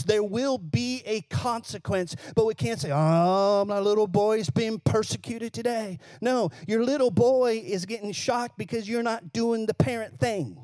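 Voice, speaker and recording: A man's voice: very high voice, a little mellow, no echo. Man preaching a sermon, dry sound. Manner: conversational, asks the congregation questions, jokes. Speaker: pastor.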